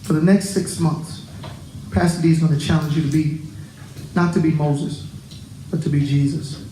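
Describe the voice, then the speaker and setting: A pastor preaching a sermon to his congregation, animated and joking with them. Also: a little high, normal speed, echoey room, a little hiss or hum, low-quality recording. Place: church.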